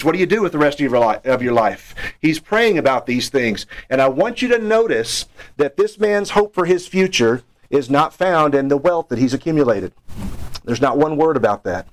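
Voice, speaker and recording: A man's voice: a little high, rough recording. A man preaching a sermon in an earnest, explanatory way, lifting his voice on key phrases.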